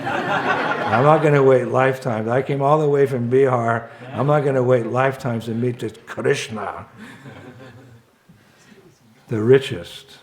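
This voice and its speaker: An eager, simple-minded male thief, voiced by a man telling a story, talks bluntly and excitably. His words come slowly and plainly, close to an everyday voice. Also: mid-range voice, natural voice. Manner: excitable, blunt, shouts when frustrated.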